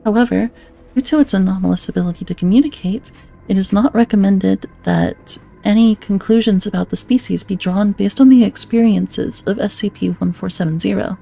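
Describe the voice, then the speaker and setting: A woman's voice: mid-range voice, a little fast, vocal fry, mellow. A woman streamer reading documents aloud in a casual way, breaking off for laughing, swearing asides.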